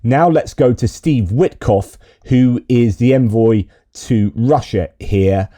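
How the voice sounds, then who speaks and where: A man's voice: mid-range voice, slow pace, mellow. A man giving exasperated, indignant political commentary while reacting to video clips.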